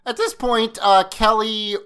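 A woman's voice: a little high, fairly even intonation, a little slow, a bit bright, smooth. A woman co-hosting a podcast, chatting casually, rambling and swearing as she recaps a scene. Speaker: podcast co-host recapping an episode. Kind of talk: casual chat.

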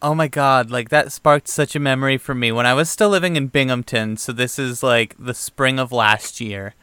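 Bright, smooth man rambling through a memory. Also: mid-range voice, steady tone, moderate pace, dry recording. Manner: rambling, self-correcting recollection. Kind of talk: casual chat.

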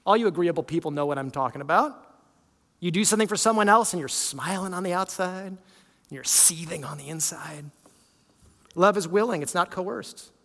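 A man's voice: high-pitched, normal speed, fairly bright tone, in a large hall. A man, a lead pastor, preaching a sermon in an earnest, conversational way, often restarting his sentences.

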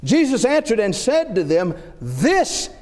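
A middle-aged man preaching a sermon, animated, asking rhetorical questions and acting out everyday scenarios. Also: high-pitched, moderate pace. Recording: long hall reverb.

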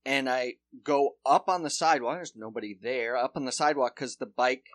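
Podcast co-host, male, bright dry voice, animated swearing storyteller. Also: medium pitch, fairly quick, no echo. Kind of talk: casual chat.

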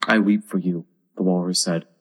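A man's voice: sits low, level tone, moderate pace, a bit bright, voice pushed down. A man voicing a sly, sentimental old walrus with a grand, coaxing manner.

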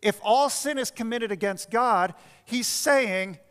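A man's voice: extremely high pitch, slow, clear, resonant tone. A man preaching a sermon as pastor, telling stories and then driving home his points with emphasis. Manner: storytelling preacher, shifts between quiet asides and emphatic points. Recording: long reverb of a church hall.

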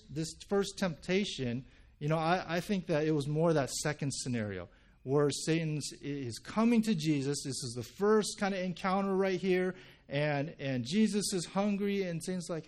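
A male pastor giving a sermon in a relaxed, conversational way, often checking in with "right?" and telling stories with acted quotes. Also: a little high, moderate pace. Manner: conversational, frequent "right?" and "like" asides.

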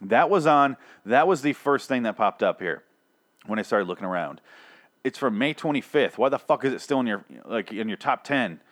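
Brief: male host, mid-pitched, sarcastic and profane, ranting in exasperation. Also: lively intonation, moderate pace, fairly bright tone. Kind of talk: casual comedic rant.

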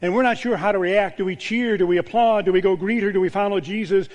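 A man, a pastor, delivering a sermon with a storytelling manner, dropping to a hushed voice on key words. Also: sits high, fast, lo-fi sound. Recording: long church reverb.

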